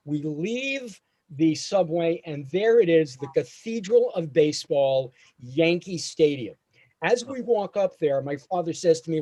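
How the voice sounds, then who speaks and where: A man doing a storytelling stand-up set over a video call, acting out his father's lines. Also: unhurried. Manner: animated, acts out his father's lines in a higher voice. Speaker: stand-up comedian.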